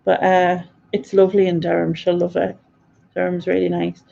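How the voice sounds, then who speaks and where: Chatty Sunderland woman, low gravelly voice. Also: monotone, moderate pace, mellow, lo-fi sound. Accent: Northeast English (Sunderland). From Sunderland, northeast England. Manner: chatty, rambling, laughs often. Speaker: live-stream host reading chat. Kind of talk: casual live chat.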